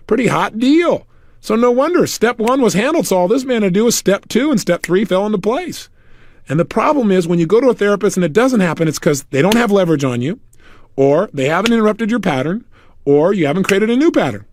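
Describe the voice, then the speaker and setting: A man's voice: sits high, brisk, no room sound, studio quality. A man giving a motivational talk as an audio program, telling a story and acting out the people in it. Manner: animated storytelling, acts out quoted people. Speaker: motivational speaker.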